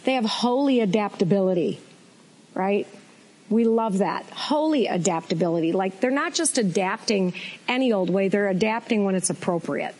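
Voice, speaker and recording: American woman, mid-pitch, folksy teaching host, easy laughs. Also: animated, normal speed, darkish tone, rough recording. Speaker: co-host teaching faith and personality types. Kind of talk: casual teaching chat.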